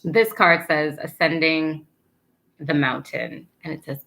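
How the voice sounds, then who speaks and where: A woman's voice: sits low, takes it slowly, gravelly, sharp tone. A woman giving a casual spiritual card reading, earnest and encouraging, rambling with lots of fillers and losing her thread. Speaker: tarot card reader.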